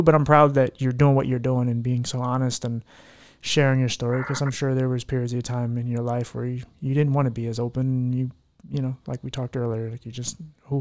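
A man's voice: medium pitch, darkish tone. A man hosting a podcast in casual chat, talking in an earnest, heartfelt, rambling way. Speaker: podcast host.

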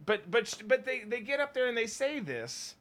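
A man's voice: very high voice, sing-song, moderate pace, fairly bright tone. A man co-hosting a podcast, ranting bluntly and sarcastically in political commentary. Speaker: podcast co-host.

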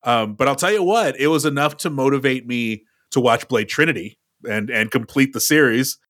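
A man's voice: medium pitch, moderate pace, a bit bright, no room sound, clean studio sound. A man co-hosting a movie podcast, musing thoughtfully in casual chat. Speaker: podcast co-host.

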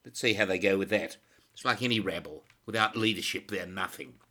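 A man's voice: low-pitched, fairly quick, sharp tone. A man voicing a blustering, bossy police chief who barks orders and swears crudely.

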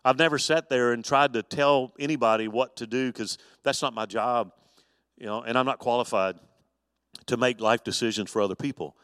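Casting: male pastor, mid-pitched voice, folksy storyteller giving an evening Bible study, dry close sound. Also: normal speed, a bit bright, smooth, dry recording. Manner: conversational preaching with folksy storytelling.

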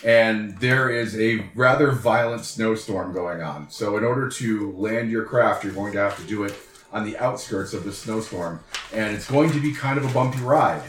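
A man narrating a tabletop game as game master, chuckling often and pausing on fillers. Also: on the low side, roomy sound, slight background noise. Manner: chuckling, hesitant with many fillers.

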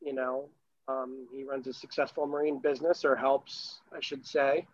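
In a dull lo-fi recording, a sailor from Florida who has recently become a father rambles enthusiastically through a long story in casual conversation. The man, in his thirties, speaks at a moderate pace with a medium pitch and a flat delivery.

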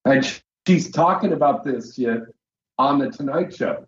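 A man's voice: medium pitch, echoey room, lo-fi sound. A man hosting a radio show who chats casually and crudely, jokes around and laughs often. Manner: crude, joking, quick to laugh. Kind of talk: casual bawdy radio chat.

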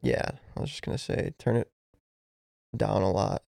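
A man co-hosting a casual podcast, with gravelly fry in his mid-pitched voice. He talks loosely, swears freely and reacts with quick exclamations, and the recording is dry and close. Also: warm tone, dry recording. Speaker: podcast co-host. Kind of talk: casual chat.

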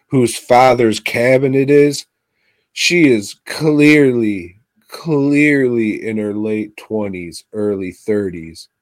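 A man co-hosting a podcast, talking about movies in a crude, sarcastic way full of swearing and sudden loud outbursts. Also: fairly low pitch, dry recording. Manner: profane, sarcastic, animated outbursts. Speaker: podcast co-host. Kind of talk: crude casual film chat.

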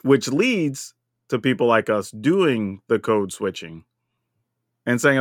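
A man co-hosting a podcast in casual chat, thinking aloud in an animated way. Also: medium pitch, slow pace, dry recording, studio quality. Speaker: podcast co-host.

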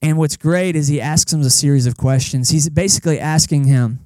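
Lively, casual preaching man with a mellow voice. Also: on the high side, fairly quick, hardly any pauses, no echo. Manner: animated, conversational preaching with acted-out quotes. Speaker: pastor. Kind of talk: sermon. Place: church service in a cinema auditorium.

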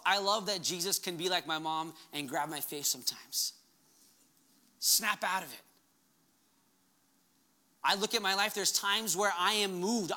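A man's voice: high-pitched, bright, forceful tone. A pastor preaching a sermon to his congregation, impassioned, raising his voice when he quotes commands. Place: church hall before a congregation.

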